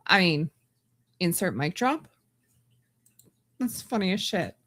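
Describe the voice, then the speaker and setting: A woman's voice: lowish voice, expressive, takes it slowly, long pauses, a bit bright. A woman from Canada hosting a podcast, ranting bluntly with exasperated stumbles and restarts. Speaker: podcast host. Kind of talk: opinionated solo commentary.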